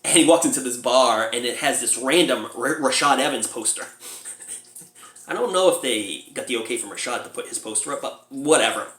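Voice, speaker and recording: A man casually reviewing a low-budget horror movie, laughing often as he retells scenes and squeaks out the characters' lines. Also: expressive, normal speed, fairly bright tone, roomy sound.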